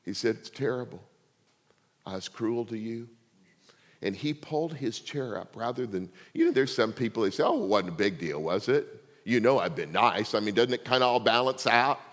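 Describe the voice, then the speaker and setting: An older man preaching a sermon, telling a personal story and swinging between hushed asides and loud, laughing outbursts. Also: mid-range voice, big pitch swings, normal speed. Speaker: pastor. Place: church sanctuary. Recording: long hall reverb.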